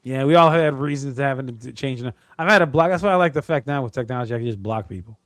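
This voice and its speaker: A man's voice: medium pitch, fast, no room sound. A man co-hosting a casual podcast, telling profane stories and acting out phone calls. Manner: profane, animated storytelling, acts out calls. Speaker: podcast co-host. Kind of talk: casual chat.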